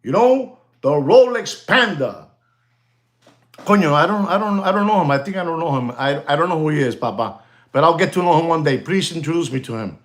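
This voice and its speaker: A man hosting a live stream, excitable and animated, thanking viewers and mixing in exclamations. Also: medium pitch.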